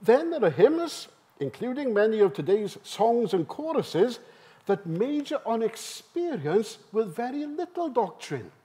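Animated, high-voiced seminar speaker, unhurried. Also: male voice. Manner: lively, emphatic, asks the audience questions. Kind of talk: conference seminar talk. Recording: live talk in a hall.

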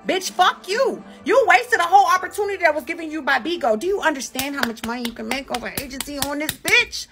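A woman's voice: high voice, lively intonation, fast talker, hardly any pauses, music in the background. A young woman, ranting and cursing heatedly as a livestream host. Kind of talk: angry ranting commentary.

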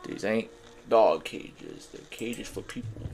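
A young man playing a horror game demo and talking through it, jittery and swearing, yelling when startled. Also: lowish voice, slow pace, faint music behind. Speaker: gaming YouTuber. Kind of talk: horror game let's play commentary.

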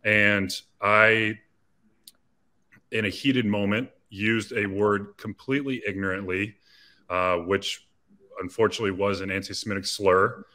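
A man's voice: lowish voice, steady tone, measured pace, bright, forceful tone. A man in his thirties, an athlete and interview guest, telling a personal story in an earnest, confessional way with frequent restarts.

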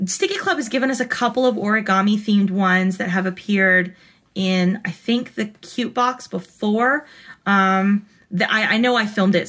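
A woman vlogger at her home desk, talking through an unboxing in a chatty, rambling way. Her voice sits at an ordinary middle pitch for a woman. She gushes freely over each cute find. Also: fairly bright tone. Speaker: planner vlogger and host. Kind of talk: casual unboxing chat. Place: home desk in front of a computer.

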